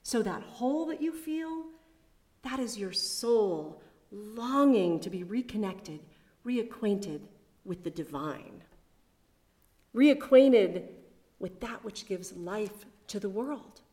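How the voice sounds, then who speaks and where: A woman delivers a sermon from the chapel pulpit at an unhurried pace. Her voice sits in a middle register. She sounds measured and reflective and mixes in small personal asides. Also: mid-range voice, animated, darkish tone. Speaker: chapel preacher.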